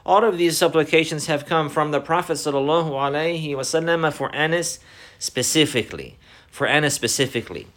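Male religious teacher, a touch high in pitch; deliberate, repeats lines, sprinkles Arabic phrases. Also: a bit bright. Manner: repeats key phrases, deliberate explanatory delivery; mixes Arabic phrases into English. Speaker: Islamic teacher. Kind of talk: religious lesson.

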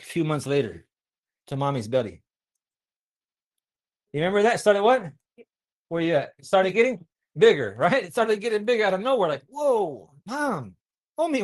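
A man with a high voice preaches to young listeners. He keeps asking them questions. He recites Arabic verses and explains each one in plain words. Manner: asks the audience many questions. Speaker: Islamic preacher.

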